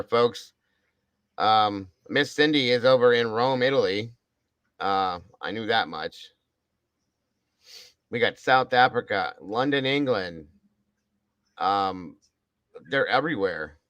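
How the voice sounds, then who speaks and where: On a low-quality, dry recording, a medium-pitched man runs a casual livestream. Hailing from Ohio, he reads off where viewers are from with upbeat chatter and casual cursing, giving out shoutouts as he goes.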